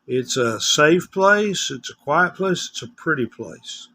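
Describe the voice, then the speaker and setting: A man's voice: fairly high pitch, lively intonation, takes it slowly, sharp tone. An older man with a West Tennessee accent, chatting casually in a rambling, folksy vlog. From West Tennessee, USA. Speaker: vlogger. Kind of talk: casual chat.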